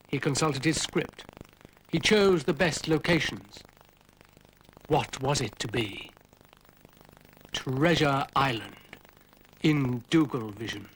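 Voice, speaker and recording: A man narrates a children's cartoon in a dry, droll storybook voice. His pitch moves lively around the line. The pace is unhurried and slow. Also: slight background noise, poor audio.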